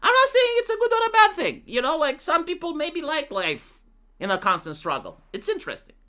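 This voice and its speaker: A man's voice: very high-pitched, big pitch swings, brisk, bright, forceful tone. A man from Romania with a Romanian accent, talking casually through comments on his channel and reading some aloud in a mocking voice. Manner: talks with many "like" fillers, reads comments out in a mocking voice. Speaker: commentary YouTuber.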